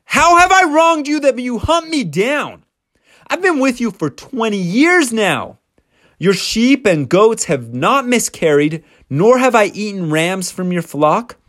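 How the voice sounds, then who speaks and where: A man's voice: high-pitched, big pitch swings, measured pace, fairly bright tone, pitched above the performer's own voice, full character voice. A man voicing an aggrieved shepherd from a Bible story, reading his words in a declamatory way. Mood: furious. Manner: heated, declamatory scripture reading. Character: wronged hardworking biblical shepherd, a grown man.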